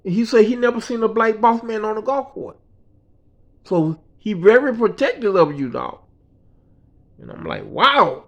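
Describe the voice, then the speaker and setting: High-voiced man telling a rough story. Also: moderate pace, long pauses, highs cut off. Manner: animated, slangy and profane, acts out quoted voices. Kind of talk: casual personal storytelling.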